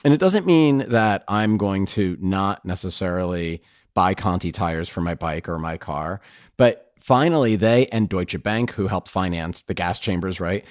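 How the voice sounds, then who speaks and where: An earnest male host with a very deep voice, speaking emphatically and often circling back to restart his thoughts. The sound is dry and close, with no room around it. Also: lively intonation, unhurried, no echo. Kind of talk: casual conversation.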